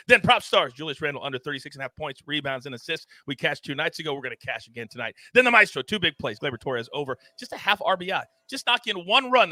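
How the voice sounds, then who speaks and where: A man hosting a sports betting show, animated and theatrical, swinging his voice up and down for emphasis. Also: no room sound. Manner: animated and theatrical, big swings in pitch and volume. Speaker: host.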